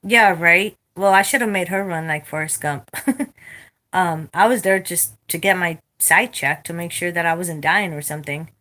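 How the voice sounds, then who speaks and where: A woman telling a story in a casual vlog rant, blunt and profane, animated as she retells it. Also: lowish voice. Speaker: vlogger.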